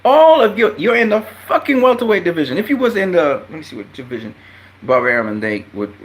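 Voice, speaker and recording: A man giving a casual, heated, profane rant about boxing, blunt and swinging up into loud, high outbursts. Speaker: boxing commentator. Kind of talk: casual ranting commentary.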